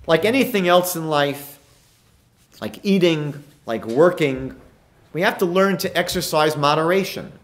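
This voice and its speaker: A man's voice: a little high, lively intonation, unhurried. A man, a rabbi giving a lecture, retelling Talmud stories and asking emphatic rhetorical questions. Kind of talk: recorded lecture.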